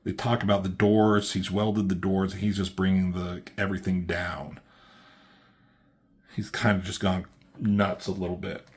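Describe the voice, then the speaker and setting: A man giving a casual, excited comic book review, swearing freely as he walks through the pages. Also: low-pitched, a little slow. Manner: excited, loose, swears often.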